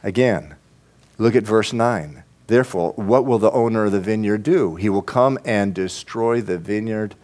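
A man's voice: lowish voice, moderate pace, a little mellow. A pastor preaching a sermon in a church, talking straight to his congregation and building to fervent, repeated emphasis. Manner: preaching with rising, impassioned emphasis and repetition; addresses the congregation directly.

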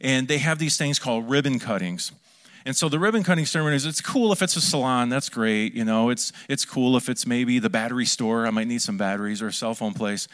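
A male pastor delivers a sermon in a lively, conversational way, cracking jokes and throwing questions out to his congregation. His voice sits at an ordinary middle pitch. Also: fairly quick, smooth. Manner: lively, joking preaching with asides to the congregation.

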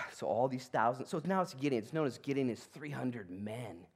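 Animated male preacher, lively pitch. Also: normal speed, slightly rough. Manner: animated, conversational, swings between loud and hushed. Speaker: pastor. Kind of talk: sermon. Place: church sanctuary.

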